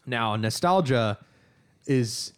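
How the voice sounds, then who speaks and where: A man hosting a casual movie review podcast, joking and quick to laugh. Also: mid-range voice, expressive, clear, resonant tone. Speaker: podcast host.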